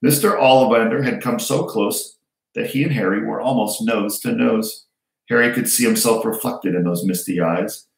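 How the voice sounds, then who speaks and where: A male teacher reading a novel aloud to his students in a steady, unhurried way. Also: lowish voice, gravelly. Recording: roomy echo.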